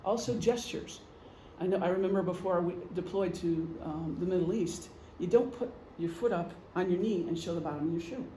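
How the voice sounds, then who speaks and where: A man's voice: high voice, a little fast, few pauses, mellow. A middle-aged man giving an informal presentation to a group, talking conversationally with examples and frequent ums. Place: meeting room. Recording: echoey room, faint hum.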